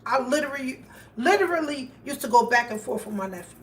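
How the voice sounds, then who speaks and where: A woman on a phone livestream speaks to her viewers in an emphatic, storytelling way. Her voice sits fairly high and sounds a little distant from the mic. A faint hum of background noise runs under her talk. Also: animated, brisk, a bit bright. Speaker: livestream host.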